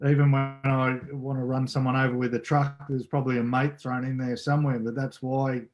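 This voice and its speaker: Australian bloke, blunt and jokey, laughs easily, casual podcast talk. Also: male voice, medium pitch, flat delivery, brisk, highs cut off. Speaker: podcast co-host. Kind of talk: casual chat.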